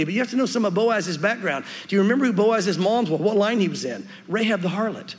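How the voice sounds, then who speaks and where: Fast-talking high-voiced man preaching. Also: animated. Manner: conversational, earnest, acts out quotes. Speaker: pastor. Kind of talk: sermon. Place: church sanctuary. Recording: long reverb of a church hall.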